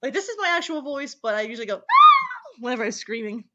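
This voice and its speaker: A teenage girl hosting a casual chat, rambling and giggling between quick asides. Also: fairly high pitch, expressive, raised voice, dull audio, heavy background noise. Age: teens. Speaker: host. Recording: echoey call audio.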